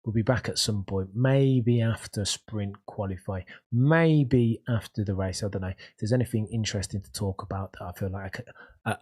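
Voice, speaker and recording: Enthusiastic Birmingham man with a husky voice. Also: deep voice, darkish tone. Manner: enthusiastic, rambling, reads out chat comments. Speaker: host of a live stream. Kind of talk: casual live-stream chat reacting to racing.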